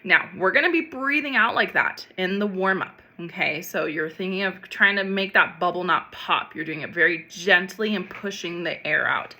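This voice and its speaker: A middle-aged woman voice teacher gently explaining a neck stretch and vocal warm-up, chatty and full of fillers. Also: fairly low pitch, normal speed, few pauses. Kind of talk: instructional vocal warm-up demonstration.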